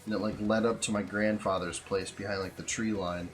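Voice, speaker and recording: A young man co-hosting a casual podcast chat, telling profane, animated stories. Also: lowish voice, brisk, faint music behind. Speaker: podcast co-host.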